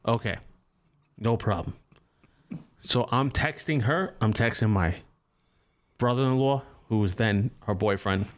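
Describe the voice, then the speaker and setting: A man's voice: lowish voice, unhurried, long pauses. Man telling a rambling story. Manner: rambling, profane storytelling with restarts. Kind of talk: casual storytelling chat.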